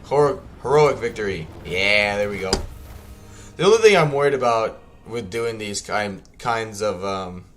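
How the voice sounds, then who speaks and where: A man's voice: fairly low pitch, expressive, unhurried, a little hiss or hum. A young man streaming a strategy game, chatting casually and rambling, with many fillers and self-corrections. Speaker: gaming streamer. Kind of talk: casual livestream commentary.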